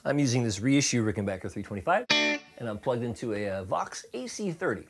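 A man's voice: medium pitch, brisk. Chatty man teaching guitar. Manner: relaxed, chatty, many fillers and restarts. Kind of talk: casual guitar lesson.

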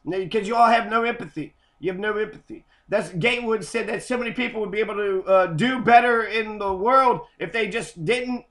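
A man's voice: high voice, brisk, hardly any pauses, fairly bright tone. A man in an angry, profane rant, cursing and repeating himself. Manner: heated, cursing, repetitive. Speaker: host.

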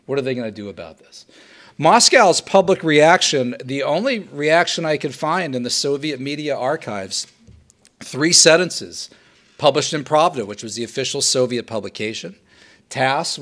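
Guy professor telling history to students, animated, medium voice. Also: mid-range voice. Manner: animated storytelling, acts out quotes. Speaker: political science professor. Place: live talk to a student audience.

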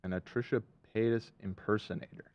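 A man's voice: lowish voice, steady tone, a little fast, dry recording, muffled recording. A man co-hosting a podcast, in casual banter, making dry teasing jokes. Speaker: podcast co-host.

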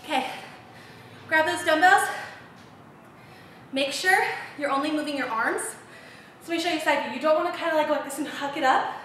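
A woman's voice: high-pitched, fairly quick, pauses often, fairly bright tone, a little hiss or hum. A young woman coaching a live workout, upbeat and cheering through the reps while out of breath. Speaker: fitness instructor. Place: large empty home gym floor. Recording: echoey room, mic far off.

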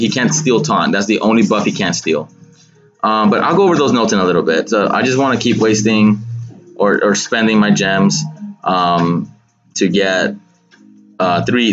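A man's voice: fairly low pitch, a bit bright. A man hosting a gaming channel, chatting casually over gameplay with lots of fillers and restarts. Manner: rambling with many fillers and restarts. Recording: dull lo-fi sound with game music.

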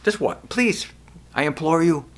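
A man's voice: a little high, expressive, moderate pace, a bit bright. A man vlogging straight to camera about his podcast, emotional and imploring, raising his voice now and then. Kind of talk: casual direct-to-camera vlog. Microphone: camera facing him.

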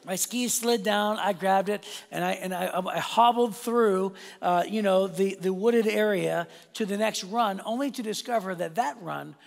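Man, pastor, sermon, high voice, gravelly, echoing church hall, animated storytelling. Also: measured pace, hardly any pauses. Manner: animated, self-deprecating, addresses the audience directly. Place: church auditorium. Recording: long hall reverb.

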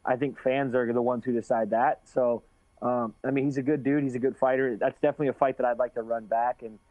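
A man's voice: medium pitch, fairly even intonation, fast talker, no room sound. A man rambling through a casual interview, restarting sentences and swearing freely. His voice comes through a tinny, phone-like line. The sound is dry and close. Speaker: guest fighter.

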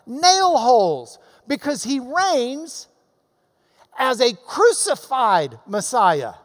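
Bible teacher, male, emphatic and lively in pitch, lecturing in a reverberant hall. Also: slow pace. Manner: emphatic, animated, swings between loud and soft. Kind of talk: lecture answering questions.

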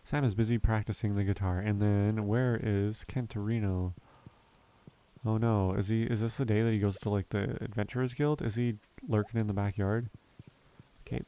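A man hosting a relaxed let's play, thinking aloud and correcting himself as he plays. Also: fairly low pitch, normal speed. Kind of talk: relaxed gameplay commentary. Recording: faint game music behind.

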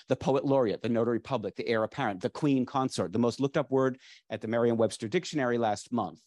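A man's voice: medium pitch, darkish tone. A middle-aged man lecturing to a live audience with eager, rambling energy, often circling back to restart his sentences. His voice sits in an ordinary middle register. The sound is close and dry, with little room echo. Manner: enthusiastic, digressive, with frequent restarts and fillers. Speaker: lecturer, dictionary editor. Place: library lecture space.

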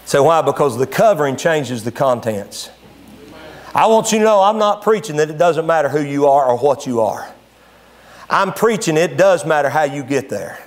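High-voiced man preaching with fervor. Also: animated, normal speed. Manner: impassioned preaching that swells loud and high, then drops low and quiet. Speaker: pastor. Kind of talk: sermon. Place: church service.

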